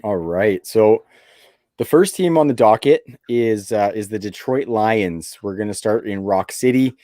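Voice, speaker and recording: An easygoing man from Canada hosts a sports podcast, laughing often and leaning on filler words. His voice is low and mellow, recorded dry and close. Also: measured pace, dry recording. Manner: relaxed, laughs easily, many fillers. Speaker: podcast host. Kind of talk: casual podcast chat.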